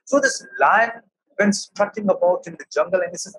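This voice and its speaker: A man's voice: high voice, moderate pace, a bit bright, husky, low-quality recording. A man with an Indian English accent, a professor giving an emphatic motivational talk. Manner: emphatic, storytelling.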